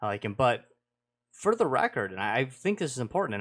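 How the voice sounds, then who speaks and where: A man's voice: mid-range voice, sing-song, brisk, fairly bright tone. A man hosting a podcast, choosing his words carefully with lots of fillers and restarts. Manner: hedging, many fillers. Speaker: podcast host. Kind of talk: casual chat.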